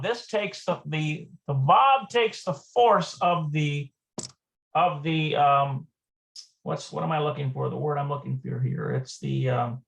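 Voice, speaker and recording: A man with a fairly high voice and a gravelly edge of vocal fry walks through a language lesson in a relaxed, unscripted way. He thinks aloud and pauses to search for words. He repeats each word slowly as he teaches. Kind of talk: casual lesson walkthrough.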